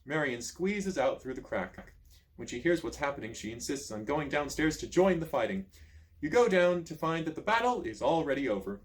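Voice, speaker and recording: A man reading a choose-your-own-adventure book aloud, with lively storytelling and casual asides. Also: medium pitch. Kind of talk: expressive read-aloud narration.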